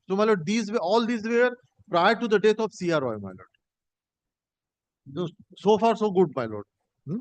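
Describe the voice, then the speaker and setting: Give me an advocate in a courtroom, halting and formal, with a fairly high voice. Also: male voice, lively intonation, no echo, poor audio. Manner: halting, addresses the bench as my lord in nearly every phrase; reads passages from a judgment aloud. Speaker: advocate arguing an appeal. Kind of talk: courtroom argument.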